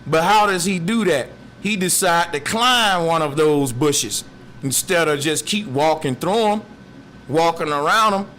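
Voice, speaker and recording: Man, philosophical monologue, musing, streetwise slang, slightly high voice, faint hiss. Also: animated, measured pace, a bit bright. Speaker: speaker.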